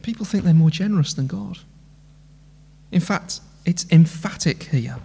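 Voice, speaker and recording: High-voiced preacher in reverberant hall. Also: male voice, animated, a little slow, creaky, dark tone, husky. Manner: impassioned, many rhetorical questions. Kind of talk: sermon. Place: church hall. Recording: long church hall reverb.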